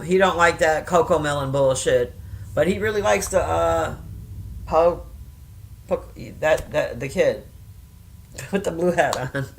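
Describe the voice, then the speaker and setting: Bright-voiced profane woman in her fifties. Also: low-pitched. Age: 50s. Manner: rambling, profane, chatty; laughs often. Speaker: reaction vlogger. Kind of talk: casual chat.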